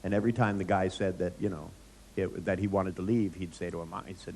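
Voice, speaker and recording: A man's voice: deep voice, steady tone, quick pace, vocal fry, a little mellow, a little hiss or hum. A middle-aged man, a therapist, giving a live seminar lecture, joking, telling anecdotes and quizzing the audience. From United States.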